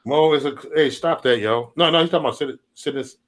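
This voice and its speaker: A man's voice: fairly high pitch, fast talker. A man hosting a casual livestream from home, talking in loose, profane, laughing banter. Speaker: livestream host.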